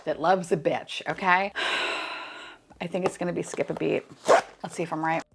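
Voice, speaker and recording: A woman vlogging a toy unboxing in casual chat, excitable and profane, swinging from deadpan grumbling to squealing delight. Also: on the low side, moderate pace, creaky, very noisy.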